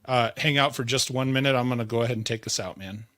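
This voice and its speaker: An enthusiastic man hosts a leadership podcast and warmly closes out the episode. His voice has a bright, forward edge. The sound is close and dry, with no room echo. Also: medium pitch, fairly even intonation, quick pace. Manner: enthusiastic, effusive praise. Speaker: podcast host. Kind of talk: interview wrap-up.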